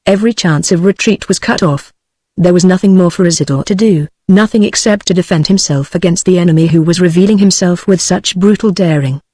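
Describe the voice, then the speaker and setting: A text-to-speech woman's voice with a British accent, narrating an audiobook in an even synthetic delivery. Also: fairly low pitch, a little fast, no room sound, clean studio sound. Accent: British English.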